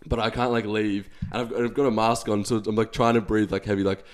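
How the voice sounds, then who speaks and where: Young aussie guy on a podcast, kinda low voice, rambling self-deprecating chat. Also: flat delivery, fast. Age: young adult. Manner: rambling, self-deprecating storytelling with many fillers. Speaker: podcast co-host. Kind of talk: casual chat.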